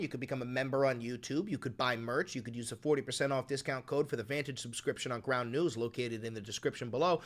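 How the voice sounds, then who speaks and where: A young man from New York hosting a political livestream, talking in a profane, sarcastic, animated way. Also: medium pitch. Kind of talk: casual livestream commentary.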